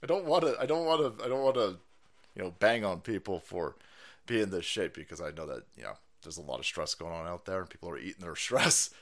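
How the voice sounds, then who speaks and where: Loud, lively, ranting man host. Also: low-pitched, fairly quick. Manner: loud sarcastic ranting, swearing, mocking voices. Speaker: political stream host. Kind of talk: profane ranting commentary.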